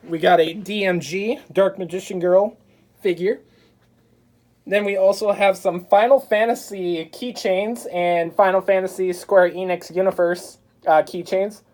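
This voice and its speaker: A chatty woman talks through a casual tour of her home game room. She speaks in an offhand, upbeat way, full of fillers and quick asides. Her voice sits at a middle pitch, picked up by the handheld phone she films with. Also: steady tone, darkish tone. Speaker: video creator giving a room tour. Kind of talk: casual vlog narration. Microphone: handheld phone camera.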